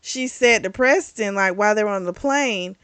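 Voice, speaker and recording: A chatty woman sums up a book's plot with frequent fillers and the odd curse word. Her voice sits at an ordinary middle pitch. The sound is dry and close, with no room echo. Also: moderate pace, a bit bright, smooth. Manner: candid, swears casually. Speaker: book reviewer. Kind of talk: casual book review recap.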